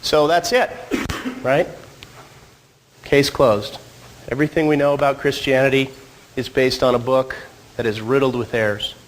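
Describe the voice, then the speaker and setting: A man's voice: mid-range voice, steady tone, moderate pace, long pauses, low-quality recording. A married man with a cold, giving a casual church talk with joking asides to the audience. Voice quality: slightly husky from a cold. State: getting over a cold. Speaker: church speaker. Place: church hall.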